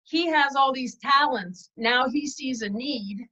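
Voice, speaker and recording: Guest woman, candid and chatty, self-deprecating, higher voice, muffled call audio. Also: takes it slowly, bright, forceful tone, breathy edge. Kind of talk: casual storytelling interview.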